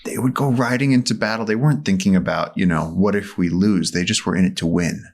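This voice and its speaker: A man's voice: on the low side, steady tone, fast talker, vocal fry. A man telling a vivid story as a podcast guest. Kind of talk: conversational storytelling.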